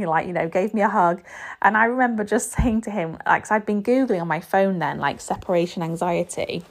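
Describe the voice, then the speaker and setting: A woman's voice: medium pitch, fairly quick. Candid rambling woman podcaster. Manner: rambling and candid, with many fillers and restarts. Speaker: podcast host. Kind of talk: personal storytelling monologue.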